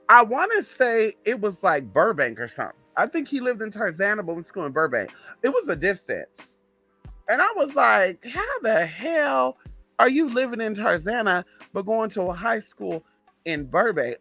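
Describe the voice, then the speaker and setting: A young Southern U.S. man hosts a casual live stream in a sassy, flamboyant style with a sharp tone, calling viewers "honey" and dipping into low, muttered asides.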